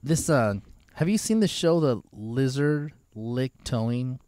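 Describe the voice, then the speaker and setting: A young man on a casual talk show, telling stories in an animated way and acting out the voices of people in them. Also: slow, no echo, clean studio sound. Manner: animated storyteller, acts out quoted voices in higher pitch. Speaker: co-host. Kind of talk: casual chat.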